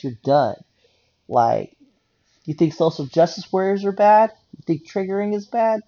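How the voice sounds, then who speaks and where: A man rants casually and bluntly, circling back on his points and swearing freely. His voice is gravelly and dark. The recording is dry and a little dull. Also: mid-range voice, dry recording. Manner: rambling, blunt, swears, repeats himself. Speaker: medical office worker. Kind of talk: casual monologue rant.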